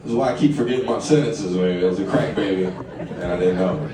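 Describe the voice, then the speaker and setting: A man's voice: low voice, a little fast. A man, doing a stand-up comedy set in a conversational way and chuckling through his lines. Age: late 20s. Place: live comedy venue, echoey room. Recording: echoey live room, distant, crowd ambience.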